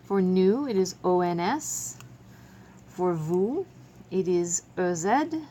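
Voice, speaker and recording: A woman's voice: on the low side, lively intonation, takes it slowly, warm tone, slight background noise. A woman teaching a French verb lesson to students, explaining each step patiently. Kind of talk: classroom video lesson.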